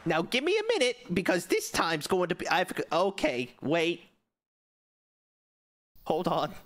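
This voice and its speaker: A man's voice: sits high, very animated, a little slow, fairly bright tone. A man streaming a video game with casual, joking commentary and frequent swearing.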